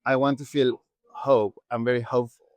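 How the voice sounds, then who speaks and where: A man's voice: mid-range voice, level tone, moderate pace, no room sound, dull audio. A man hosting a street interview podcast, affectionate and encouraging, calling his guest darling. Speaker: podcast host.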